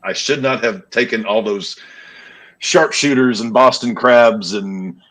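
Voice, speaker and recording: A man's voice: mid-range voice, a little slow, fairly bright tone, poor audio. A man in his thirties co-hosting a casual podcast chat. He rambles in a self-deprecating way and swears freely. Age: 30s. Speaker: podcast co-host.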